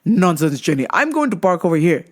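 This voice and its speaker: Woman playing a stubborn, stiff-mannered father, prim and insistent; animated delivery. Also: lowish voice, a little fast. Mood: dismissive. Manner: prim, overly formal insistence.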